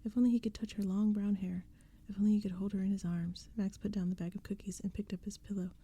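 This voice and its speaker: A woman softly reading a children's novel aloud in a whispered role-play style, mostly in an unvoiced whisper. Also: mid-range voice, steady tone, fast, breathy edge. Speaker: ASMR audiobook reader.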